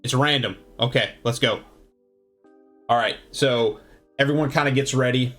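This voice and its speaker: A man's voice: medium pitch, normal speed, a bit bright, soft background music. A man narrating a casual tabletop game as game master, loose and rambling with many fillers.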